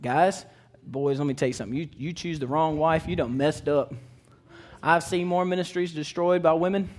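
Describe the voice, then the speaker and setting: A man in his thirties, a children's evangelist, preaching a lively sermon that builds to shouts. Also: on the high side, moderate pace. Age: 30s.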